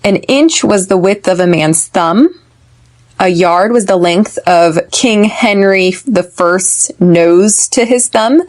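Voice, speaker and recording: A woman hosting an English-learning podcast with an American accent. She drills phrases slowly and clearly for listeners to repeat. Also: mid-range voice, a little mellow. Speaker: podcast host and English teacher.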